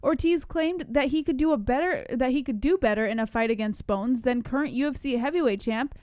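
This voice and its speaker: Woman, news co-host, high voice, dry and reluctant, dry room sound. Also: brisk, dark tone, no room sound. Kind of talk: casual chat and news reading.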